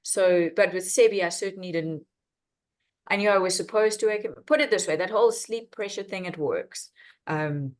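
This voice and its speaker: A woman, a mother, telling a story in a lively, laughing way on a video call. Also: medium pitch, normal speed. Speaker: parent on a coaching call. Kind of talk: casual chat.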